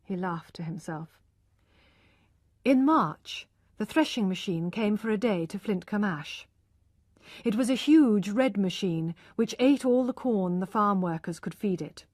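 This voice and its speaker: A woman's voice: mid-range voice, animated, a little slow, a little mellow, no echo, clean studio sound. Woman narrating a learner audiobook.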